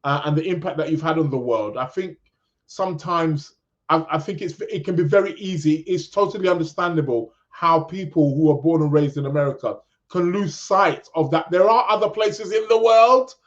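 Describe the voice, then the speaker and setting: British guy rambling on his podcast, kinda high voice, muffled lo-fi sound. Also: moderate pace. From England. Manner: rambling, many restarts, chatty. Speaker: podcast host. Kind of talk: casual live-stream chat reading comments. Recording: dull lo-fi sound.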